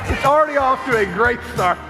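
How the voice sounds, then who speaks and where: A man hosting a youth group night, joking with the crowd in playful, animated stage banter. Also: very high-pitched, brisk, over music. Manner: jokey and animated, laughs often. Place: large hall with audience. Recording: long hall reverb.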